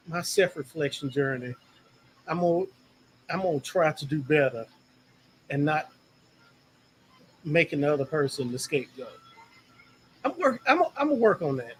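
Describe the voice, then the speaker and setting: A man's voice: fairly high pitch, big pitch swings, a little slow, pauses often, a bit bright, a little hiss or hum, low-quality recording. A man co-hosting a casual talk show, easygoing and agreeable, who often restarts his sentences. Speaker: podcast co-host. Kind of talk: casual chat.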